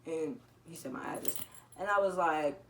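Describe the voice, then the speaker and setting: A teenage girl telling a casual storytime, animated, laughing and swearing as she acts out what people said. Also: sits low, normal speed, gravelly, recorded from a distance, a little hiss or hum. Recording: echoey room with faint ambience.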